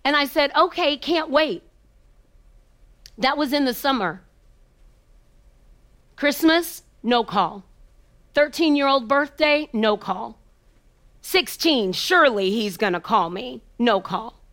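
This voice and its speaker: A woman motivational speaker recounts a personal story in a fairly high voice. She takes her time, leaning on repetition and dramatic pauses. At tender moments she sinks to a hushed near-whisper. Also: expressive. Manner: emphatic, repetitive rhythm.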